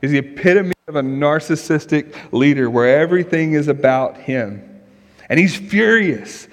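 A man's voice: a little high, expressive, normal speed. A male pastor preaching a sermon in an earnest, emphatic way, asking rhetorical questions. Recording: long reverb of a large hall.

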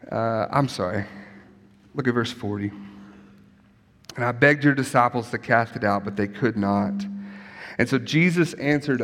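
A man's voice: mid-range voice, big-room sound. A man preaching a sermon as pastor, in a conversational way, often asking his listeners rhetorical questions. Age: young adult or middle-aged, has kids.

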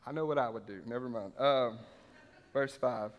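A man's voice: mid-range voice, moderate pace, highs cut off. A man preaching a sermon and reading scripture aloud, talking conversationally, repeating points for emphasis and often asking the room "right?". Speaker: pastor. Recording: reverberant hall.

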